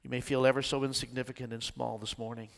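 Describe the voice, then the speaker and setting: An older man pastor preaching a sermon, swinging from loud shouts down to hushed whispers. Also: mid-range voice, little pitch movement, quick pace, vocal fry. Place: church sanctuary. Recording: long reverb of a church hall.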